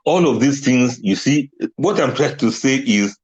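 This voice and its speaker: A man's voice: medium pitch, animated, measured pace, darkish tone, dull audio. A man giving a religious talk on letting go, emphatic and often laughing at his own points. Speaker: Islamic speaker.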